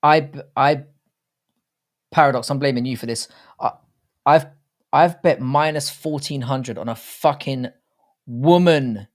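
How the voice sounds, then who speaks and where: During a livestream watchalong, a man in his thirties speaks a little slowly in a mid-range voice, leaving long pauses. He addresses chat in a rambling, blunt, and profane manner.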